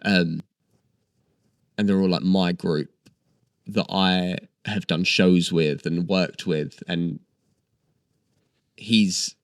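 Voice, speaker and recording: A man's voice: deep voice, fairly even intonation, extremely slow, long pauses, dry recording, studio quality. A man, chatting eagerly as an actor guest in an interview. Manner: chatty and enthusiastic, with many fillers. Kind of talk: casual interview chat.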